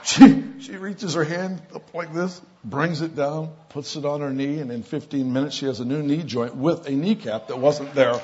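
A man preaching, telling miracle stories in an animated storytelling way that grows loud on quoted lines. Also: a little high, normal speed, few pauses, noisy background. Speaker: pastor. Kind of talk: sermon storytelling. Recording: dull lo-fi sound.

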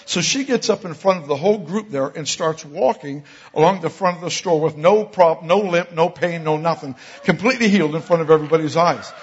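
A man preaching, telling miracle stories in an animated storytelling way that grows loud on quoted lines. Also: on the high side, fairly quick, hardly any pauses, breathy edge. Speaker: pastor. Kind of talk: sermon storytelling. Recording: dull lo-fi sound.

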